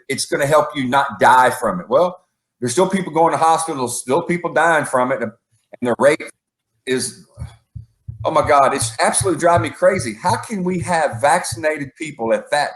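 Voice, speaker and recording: A man's voice: on the high side, expressive, a little fast. A man co-hosting a podcast as the coach, ranting in casual chat and counting off his points. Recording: echoey room.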